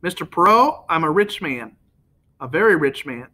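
A wealthy American businessman who talks softly and persuasively, with a faintly nasal edge, voiced by a man reading a novel aloud. The voice sits a little high and sounds bright. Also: lively intonation, moderate pace.

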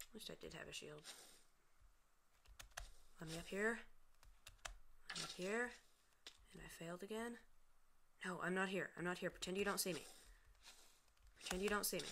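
A woman's voice: fairly low pitch, moderate pace, long pauses, background noise. A woman from the United States giving casual let's-play commentary at her computer, chatty and often dropping into playful murmurs and whispers. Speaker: gaming video host. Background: faint keyboard and mouse clicks.

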